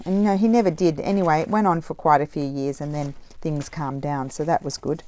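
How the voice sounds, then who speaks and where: A woman's voice: low voice, fairly even intonation, brisk, mellow. A middle-aged woman chatting casually while she crafts, rambling with many fillers. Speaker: craft vlogger. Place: home craft table, indoors.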